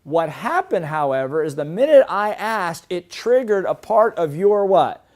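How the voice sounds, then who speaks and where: Male motivational coach, slightly raised pitch, lively and emphatic with rhetorical questions. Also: unhurried. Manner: animated, swings between quiet and emphatic. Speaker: business coach. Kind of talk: motivational seminar lesson.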